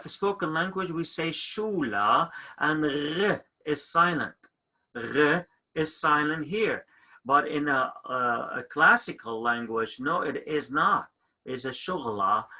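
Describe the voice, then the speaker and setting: Slow, sharp-toned male language teacher. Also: fairly high pitch. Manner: explains step by step, repeating example words slowly. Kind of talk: recorded grammar lesson.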